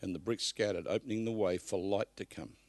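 A man preaching a live sermon at a church service, emphatic, swinging from loud bursts to hushed asides. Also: lowish voice, fairly even intonation, fairly quick, no room sound.

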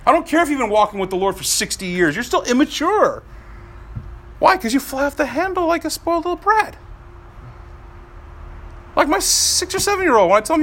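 A man in his thirties preaching a sermon as pastor, animated and swinging between soft, slow passages and loud, quick ones. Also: very high voice.

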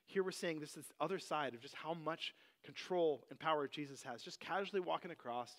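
A man teaching a Bible passage in a relaxed, conversational sermon, full of "like" and "you know". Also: fairly high pitch, a little fast.

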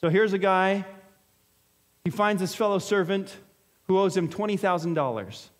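High-voiced man preaching conversationally. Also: moderate pace. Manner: conversational, explains with everyday examples and acted-out quotes. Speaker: pastor. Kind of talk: sermon.

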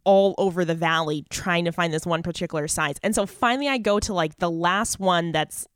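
A woman's voice: lowish voice, fairly quick, clear, resonant tone, no room sound, clean studio sound. Chatty woman telling a story. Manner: earnest, chatty, heavy filler use. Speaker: podcast guest. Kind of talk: casual storytelling.

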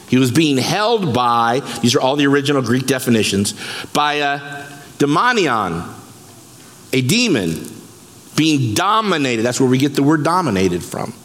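A man pastor preaching a sermon, lively and emphatic, breaking scripture down word by word. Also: fairly high pitch. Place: church sanctuary. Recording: long reverb of a church hall.

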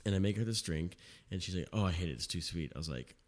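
A man's voice: sits low, lively intonation, a little mellow. A young man, a bartender, telling stories in a casual podcast chat, acting out customers in his own voice. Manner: rapid storytelling, quotes customers in his own voice. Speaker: bartender guest.

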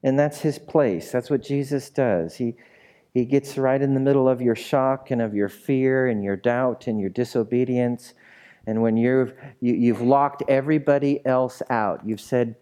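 A man preaching a sermon who urges the congregation to respond and swings from loud, dramatic lines to hushed ones. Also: mid-range voice, unhurried. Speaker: pastor.

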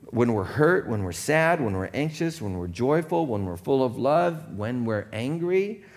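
Pastor with a higher man's voice. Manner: conversational, checks in with the audience often. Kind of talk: sermon.

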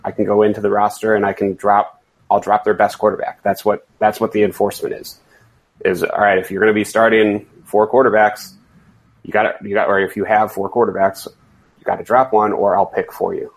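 A man hosts a loose podcast chat as the league's commissioner. His voice sits low and carries a gravelly, husky grain. He rambles, circling back on himself with halting restarts. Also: little pitch movement, low-quality recording. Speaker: fantasy league commissioner and host.

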